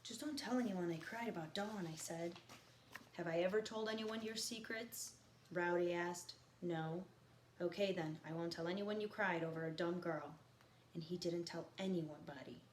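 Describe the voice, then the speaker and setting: A woman teacher reading a novel aloud to her students, stopping for quiet teaching asides. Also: on the low side, normal speed. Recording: echoey room with faint background noise.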